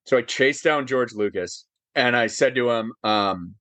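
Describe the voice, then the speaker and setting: A man's voice: mid-range voice, unhurried, no echo. Guy in his 40s getting emotional telling his story, like um like, dry room sound. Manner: animated, gets choked up, lots of fillers. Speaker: interview guest.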